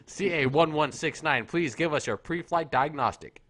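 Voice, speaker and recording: A dogged air traffic controller, played by a man, who keeps repeating formal call signs in an improvised comedy sketch. The voice is slightly high, and the delivery stays dry, formal and insistent. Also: normal speed, over a noisy crowd, natural voice. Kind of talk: improvised comedy role-play over radio chatter.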